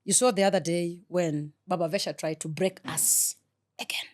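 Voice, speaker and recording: Earnest woman, fairly low voice. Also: fairly even intonation, moderate pace. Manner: earnest, heartfelt, soft-spoken. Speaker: guest. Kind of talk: emotional interview talk.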